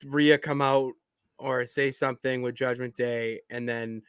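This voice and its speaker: A man's voice: medium pitch, flat delivery, a little slow, clean tone, no room sound. A man co-hosting a wrestling podcast, rambling casually and trailing off mid-thought. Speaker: podcast co-host.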